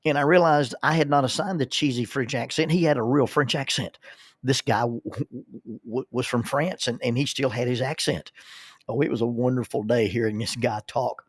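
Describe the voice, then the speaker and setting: A man's voice: medium pitch, steady tone, normal speed, no echo. Folksy man telling a story, dry sound. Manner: folksy, repeats words when starting a thought. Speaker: counselor and minister telling stories. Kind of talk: storytelling monologue.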